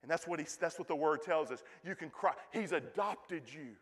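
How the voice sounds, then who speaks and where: A man in his forties preaching a sermon with passion, rising loud and dropping to a hush, often repeating his words. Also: fairly high pitch, moderate pace, breathy edge, long reverb tail. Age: 40s. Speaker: pastor.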